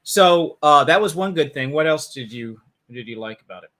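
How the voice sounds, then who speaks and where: A man hosting a casual film review chat, joking and animated, often restarting his sentences. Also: a little high, moderate pace. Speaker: podcast host reviewing a film.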